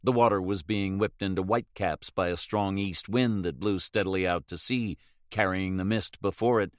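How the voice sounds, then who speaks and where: A man narrating an audiobook in a steady, measured reading. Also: low-pitched, dry recording, clean studio sound. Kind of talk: scripted narration.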